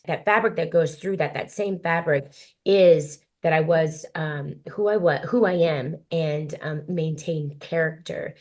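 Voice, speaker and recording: A woman being interviewed on a podcast, a singer speaking in a reflective, heartfelt way with frequent pauses to think. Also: low-pitched, darkish tone. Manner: reflective, many um fillers, heartfelt. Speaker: guest, country singer.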